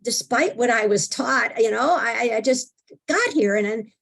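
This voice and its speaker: Animated older woman telling her story. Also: a little high, normal speed, vocal fry. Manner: animated, expressive, acts out her own thoughts. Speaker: interview guest. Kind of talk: emotional personal storytelling.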